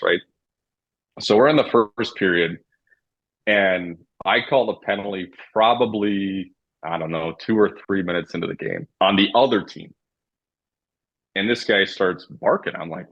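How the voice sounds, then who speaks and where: A man with a low, husky voice spins casual, profane stories from his days as a hockey referee. The sound is dull and lo-fi, with a muffled top end. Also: moderate pace. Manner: profane, animated anecdotes. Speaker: former hockey referee, guest. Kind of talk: casual storytelling.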